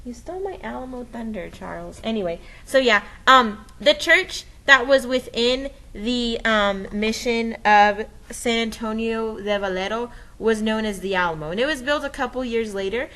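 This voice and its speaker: A woman's voice: on the high side, normal speed, few pauses, bright, forceful tone, low-quality recording. A woman presenting a recorded history lesson, explaining step by step in a playful, enthusiastic way with dramatic sound effects and frequent checks like "okay?".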